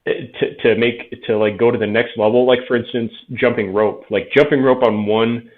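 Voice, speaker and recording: Over tinny, phone-like audio, a veteran in his thirties from Tucson, Arizona, frankly tells his story as a guest in a casual interview, often quoting himself. His mid-range voice stays steady at a normal speed.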